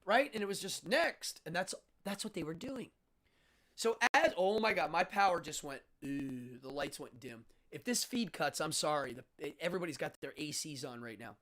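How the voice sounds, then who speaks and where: Animated high-voiced man telling a story. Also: normal speed. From Altoona, Pennsylvania. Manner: animated, acts out other people's voices in quotes. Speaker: host. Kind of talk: casual storytelling on a livestream.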